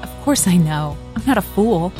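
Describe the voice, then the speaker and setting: A woman's voice: lowish voice, animated, moderate pace, over music, voice pushed down, lightly acted. A woman reading the part of Rebecca, a proud, yearning young actress, in earnest dramatic style. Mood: pleading, defiant.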